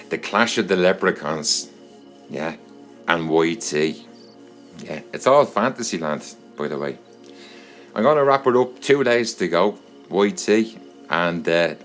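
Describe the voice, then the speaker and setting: Rambling Irish man with a low voice. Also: a bit bright. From Ireland. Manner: rambling, repetitive. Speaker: vlogger. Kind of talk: casual monologue to subscribers.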